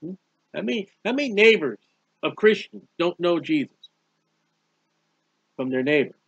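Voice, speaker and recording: A man's voice: high-pitched, big pitch swings, moderate pace, vocal fry, fairly bright tone, husky, highs cut off. A man giving a conversational Bible teaching, plain-spoken, repeating phrases and firing rhetorical questions. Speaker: preacher.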